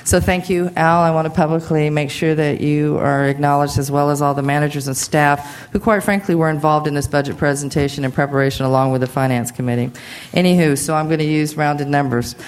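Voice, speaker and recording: Hoarse general manager giving a chatty report. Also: mid-range voice, steady tone, a little fast. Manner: chatty and informal, with many fillers and asides. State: hoarse, unwell. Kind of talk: staff report at a public board meeting.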